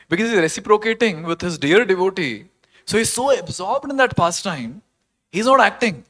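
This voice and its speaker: A man giving an earnest, animated devotional lecture, telling a sacred story and putting questions to his listeners. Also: high voice. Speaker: temple speaker.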